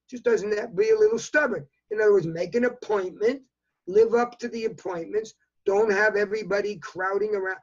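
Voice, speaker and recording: A man's voice: sits high, breathy edge. A man in his eighties with a New York accent, speaking emphatically as a news interview guest over a video call. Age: 80s. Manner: emphatic, repetitive, talks in bursts. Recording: dull lo-fi video call audio.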